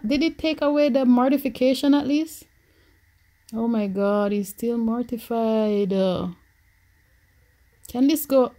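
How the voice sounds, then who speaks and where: A young woman with a Jamaican accent giving excitable, anxious commentary as she plays a life-sim game. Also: mid-range voice, unhurried. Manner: animated, swings from anxious murmurs to shrieks. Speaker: gaming YouTuber.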